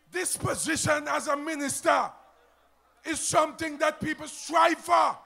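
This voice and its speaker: A man with an Antiguan accent giving a loud, emphatic political rally speech to a crowd. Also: extremely high pitch, vocal fry. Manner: shouting, emphatic, rousing crowd.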